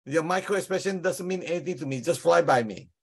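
A man's voice: fairly high pitch, fast talker, creaky, darkish tone, slightly rough. Earnest man with roots. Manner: earnest, explains with examples. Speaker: study group participant. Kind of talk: casual group discussion.

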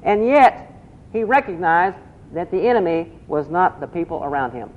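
A man's voice: high-pitched, expressive, normal speed, a little hiss or hum. A man preaching a sermon, asking the congregation questions and repeating key phrases. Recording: dull lo-fi recording.

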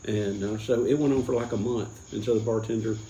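A man's voice: fairly low pitch, fairly even intonation, fairly quick, mellow, reverberant, slight background noise, low-quality recording. A man hosting a casual beer tasting, rambling through a drinking joke with lots of restarts. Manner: rambling, full of restarts and chuckles. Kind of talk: casual chat, telling a joke.

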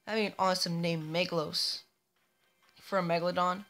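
Playing a game, a female commentator chats to herself in a casual, playful way and taunts enemies with a mock-villain act. She speaks at a normal speed with a lowish, fairly bright voice and fairly even intonation, though the audio is poor.

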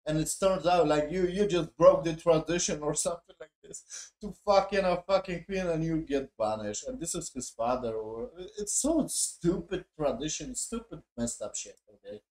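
A man's voice: on the high side, lively intonation, normal speed, darkish tone. A man reviewing a show in a profane, mocking, exasperated casual rant. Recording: echoey room.

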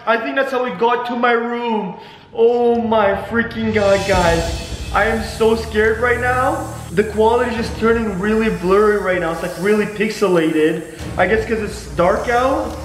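A young man narrating his vlog in an excitable way, gasping often. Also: high voice, reverberant. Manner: excitable, keeps gasping "oh my God". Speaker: vlogger.

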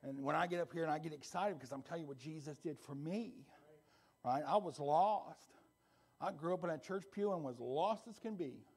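A man pastor preaching a conversational sermon that builds into a loud, fervent closing prayer. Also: fairly high pitch, brisk, slightly rough. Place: church sanctuary.

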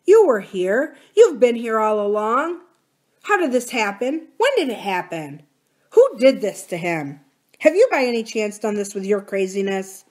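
A woman's voice: mid-range voice, very animated, moderate pace. A woman reading aloud as a group of grown siblings, speaking in an outraged, anxious way. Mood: accusing.

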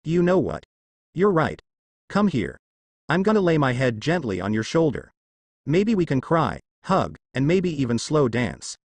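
A man voicing a gruff young man who answers curtly and sarcastically and brushes off his grief. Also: on the high side, big pitch swings, moderate pace, dry recording. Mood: sarcastic. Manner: sarcastic, curt.

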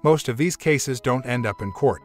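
A wisecracking middle-aged lawyer in a narrated story, teasing his old friend in a mock serious tone yet weighing every legal step with caution, as a man reads his part. The voice is medium pitched, with faint music underneath. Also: normal speed, natural voice. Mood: cautious.

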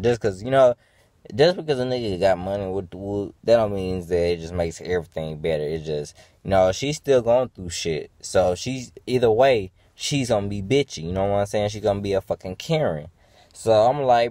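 A man's voice: on the low side, moderate pace, darkish tone, no echo. A man venting in a rambling, profane monologue to his viewers, full of fillers and restarts. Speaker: vlogger.

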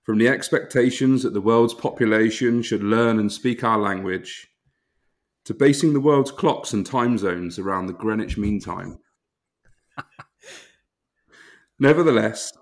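An English man with an English accent, a podcast host who reads out a comic letter of apology in a deadpan, mock-formal way. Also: lowish voice. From England.

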